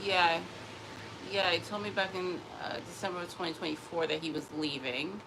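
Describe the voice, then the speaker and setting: A woman's voice: lowish voice, steady tone, normal speed, background noise. A woman in a casual personal vlog, rambling emotionally and often restarting her sentences. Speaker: vlogger.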